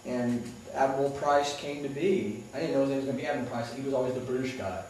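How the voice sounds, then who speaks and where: A man's voice: mid-range voice, steady tone, fast talker, a little mellow. A man voice actor telling stories in a casual interview chat, rambling with restarts. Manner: rambling storyteller with many restarts. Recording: echoey room, distant mic.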